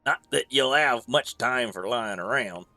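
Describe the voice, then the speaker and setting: A man's voice: medium pitch, measured pace, sharp tone, no echo, soft background music. A man voicing a wry, scheming male pirate innkeeper from a game, reading the dialogue in old sea-dog dialect.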